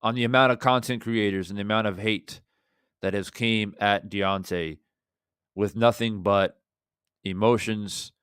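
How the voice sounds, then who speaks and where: A man hosting a fan reaction channel, talking in an impassioned, rhetorical way that swings between loud and quiet. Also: fairly low pitch, fairly even intonation, a little slow, smooth, no echo, studio quality. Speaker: boxing channel host.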